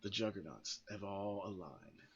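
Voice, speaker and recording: A man's voice: on the low side, a little slow, breathy edge, lo-fi sound. A man hosting a podcast, giving blunt, opinionated commentary that rambles with frequent restarts and free swearing. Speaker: podcast host.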